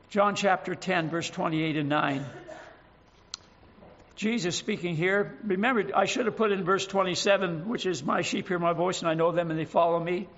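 A man preaching a sermon, earnest and emphatic, slowing down to stress scripture verses. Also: high voice, fairly bright tone, muffled recording.

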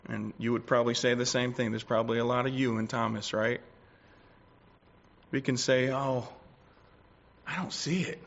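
A man preaching a sermon, swinging between loud declarations and quiet asides. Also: medium pitch, flat delivery, normal speed, creaky, pauses often. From United States. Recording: dull lo-fi recording.

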